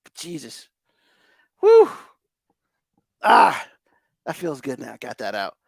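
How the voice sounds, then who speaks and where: A man's voice: medium pitch, big pitch swings, moderate pace, vocal fry, a bit bright, husky, no echo, clean studio sound. A man hosting a podcast, ranting in heated, profane exasperation. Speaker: podcast host.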